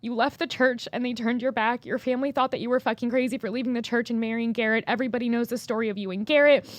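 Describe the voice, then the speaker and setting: A woman's voice: fairly high pitch, steady tone, fast, no echo. A young woman talking candidly and earnestly on a podcast, swearing freely and getting emotional. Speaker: employee and co-host.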